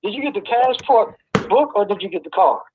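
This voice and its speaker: A co-host joins the call-in banter and presses the caller with pointed, doubting questions. The voice sits at a middling pitch. It comes through slightly dull and muffled. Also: animated, brisk, slight background noise. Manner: skeptical, grilling questions.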